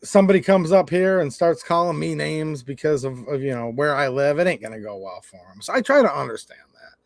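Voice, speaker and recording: A man's voice: fairly high pitch, animated, brisk, creaky, dry recording, clean studio sound. A man from Michigan with a Michigan accent, hosting a casual livestream rant, blunt and swearing as he tells stories. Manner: blunt, swearing, storytelling with quoted exchanges. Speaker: channel host.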